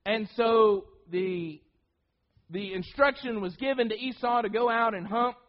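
A man's voice: high voice, a little slow, muffled recording. A man preaching a sermon, emphatic, often repeating words and restarting phrases.

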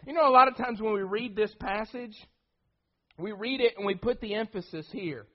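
High-pitched guy preaching, emphatic, lots of restarts, kinda dull lo-fi sound. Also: moderate pace. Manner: emphatic, with frequent repeated words and restarts. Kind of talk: sermon.

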